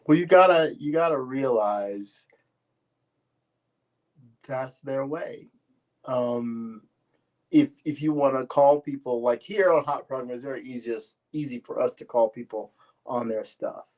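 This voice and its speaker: A man co-hosting a casual discussion, speaking in a measured, reasoning way. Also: mid-range voice, a little mellow. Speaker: co-host.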